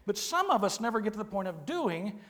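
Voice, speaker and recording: A man, preaching a sermon with folksy, humorous storytelling and quiet, earnest emphasis. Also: sits high, sing-song, a little fast. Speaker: pastor. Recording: long hall reverb.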